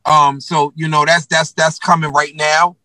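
A man's voice: fairly high pitch, little pitch movement, unhurried, pushed and bright, no room sound, rough recording. A man from New York telling stories as a guest rapper in a casual interview, slangy and profane with many fillers.

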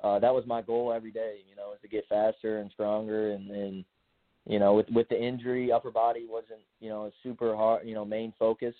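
A young man, a college football player, answering in a relaxed, laid-back way full of fillers. His voice sits a little low. It comes through a dry, tinny phone line. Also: fairly quick, no echo. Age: young adult. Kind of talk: casual interview answers.

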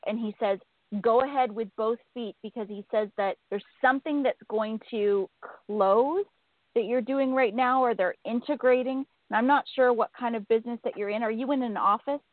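A woman's voice: a little high, steady tone, normal speed, no echo. A woman giving a psychic reading on a call-in radio show, hesitantly relaying messages she says she receives. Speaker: psychic medium. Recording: dry tinny phone line.

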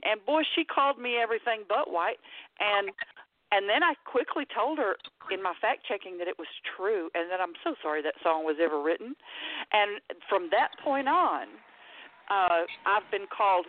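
A woman's voice: medium pitch, dry recording. Emotional woman caller on a tinny phone line. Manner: emotional, animated, halting restarts. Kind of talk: telling a personal story on a call-in show.

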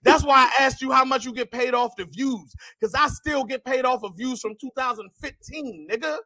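A male battle rapper arguing with a rival in a face-off. His voice sits high and bright. He pushes his point, repeats himself and talks over anyone who cuts in. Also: normal speed. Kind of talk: heated face-off argument.

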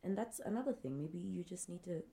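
Lively storytelling woman, slightly low voice. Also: fairly quick, gravelly. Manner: animated storytelling, acts out quoted friends, laughs often. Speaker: podcast co-host. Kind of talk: casual chat.

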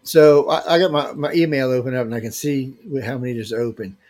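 Reading viewer emails aloud during a casual livestream giveaway, this host teases people with loose slang. He speaks a little fast at a medium pitch, his tone steady and darkish.

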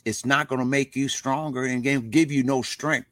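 An older man holds forth with the passion of a preacher, dropping folksy grammar as he goes. His voice sits at an ordinary male pitch and sounds dry, as if right on the mic. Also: fairly even intonation, moderate pace, no room sound. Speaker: interview guest, rock musician. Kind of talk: casual interview over a live stream.

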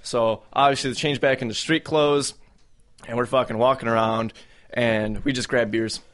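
A man's voice: mid-range voice, fairly even intonation, normal speed, a bit bright. A young man casually telling a profane story on a podcast, laughing as he goes. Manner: profane, laid-back, laughing through the story. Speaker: podcast co-host.

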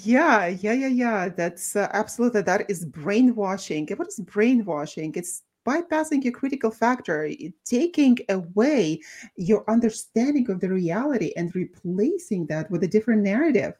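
A woman co-hosting a podcast, talking thoughtfully with many pauses and restarts. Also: medium pitch, animated, darkish tone, breathy edge. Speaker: co-host, doctor. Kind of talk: casual podcast talk.

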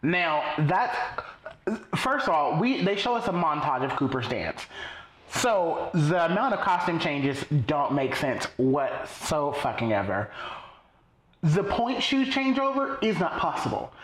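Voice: medium pitch, sing-song, measured pace, a little hiss or hum. Blunt, incredulous speaker in an echoey room. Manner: blunt, incredulous, swears freely. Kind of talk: casual chat recapping a film.

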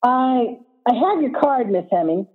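A man's voice: very high-pitched, animated, measured pace, heavily acted. A woman reading aloud as a hesitant, stammering man in his forties, over a tinny phone-like line. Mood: nervous.

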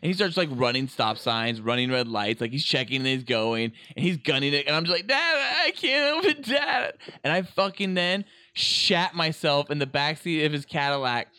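A young man co-hosting a podcast, telling a story in casual chat, animated and swearing, acting out voices. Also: mid-range voice, a little fast, few pauses, clean tone, no echo. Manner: swears a lot, laughs while telling. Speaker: podcast co-host.

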